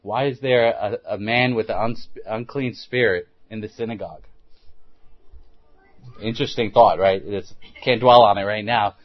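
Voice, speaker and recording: A man's voice: lowish voice, fairly even intonation, normal speed, dry recording, highs cut off. A man preaching a sermon, putting rhetorical questions to his listeners and restarting words as he thinks aloud.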